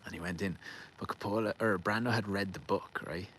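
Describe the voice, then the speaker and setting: An Irish man with a very low voice rambles through a casual, sweary story in a garden. He laughs easily and trips over names as he goes. There is a faint outdoor hum behind him. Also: fairly even intonation, brisk, a bit bright, low-quality recording. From Ireland. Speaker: vlogger.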